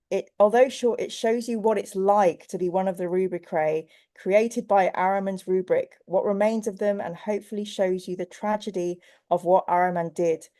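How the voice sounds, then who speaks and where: A woman hosting a book livestream with a stuffy nose, chatting casually and laughing easily, then reading a bedtime story in a soft, cozy voice. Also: medium pitch. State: stuffy nose from hay fever. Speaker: book channel host.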